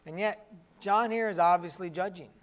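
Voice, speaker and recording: A man's voice: sits high, moderate pace, dull audio. A man preaching a sermon as pastor, in a plainspoken, conversational way, acting out voices of the people he quotes.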